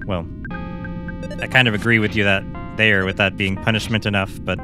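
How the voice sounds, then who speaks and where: A man's voice: lowish voice, normal speed, over music. A man hosting a let's play, chatting and joking casually as he plays. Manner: jokey, laughing, chatty. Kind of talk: casual game commentary.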